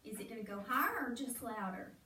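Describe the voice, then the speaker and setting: High-voiced woman teaching from across a classroom. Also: animated, fast talker, sharp tone. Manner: patient, prompting students to finish her sentences. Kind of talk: classroom reading lesson. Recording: echoey classroom, far from mic, faint noise.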